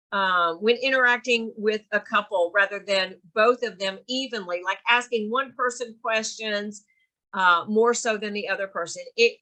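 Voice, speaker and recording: A woman's voice: on the high side, pushed and bright. A woman with a Southern US accent teaching a real estate continuing-education class. She stresses her points emphatically and often repeats them. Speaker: real estate course instructor.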